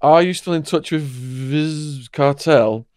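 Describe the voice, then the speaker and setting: A man hosting a podcast, putting viewer questions to his guest slowly and deliberately. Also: on the high side, darkish tone, no room sound, studio quality. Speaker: podcast host. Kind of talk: interview questions.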